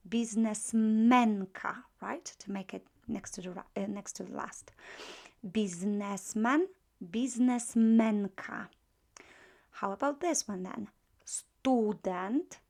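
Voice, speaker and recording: Woman teacher, Polish accent, slow deliberate delivery, drills words, gravelly edge. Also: mid-range voice, dark tone. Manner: frequent fillers and checking questions. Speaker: language teacher. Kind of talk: beginner language lesson.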